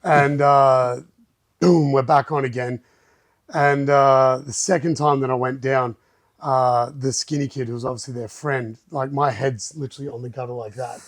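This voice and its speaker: A man telling a story as a podcast guest, animated and acting out other people's lines. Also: mid-range voice, normal speed, no room sound. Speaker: guest, martial arts gym owner. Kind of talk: casual storytelling in a podcast chat.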